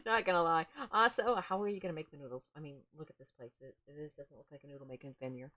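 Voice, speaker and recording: A woman streaming a game playthrough, making casual, joking asides in a quieter voice than the characters she reads. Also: deep voice, steady tone, fast, muffled recording, heavy background noise. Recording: game music behind. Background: game music.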